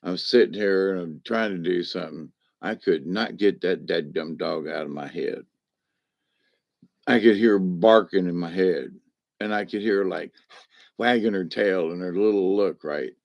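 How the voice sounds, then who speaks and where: A man's voice: sits low, a little slow, gravelly, a little mellow, no room sound, highs cut off. A man telling a personal story in a casual, rambling way, folksy and meandering, with homespun slang.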